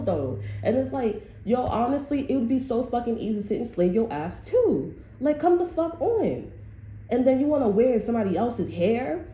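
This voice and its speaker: Dark-voiced woman ranting profanely. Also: medium pitch. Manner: profane, rambling, emphatic. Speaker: tarot reader. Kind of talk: casual unscripted tarot monologue. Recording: echoey room with faint background noise.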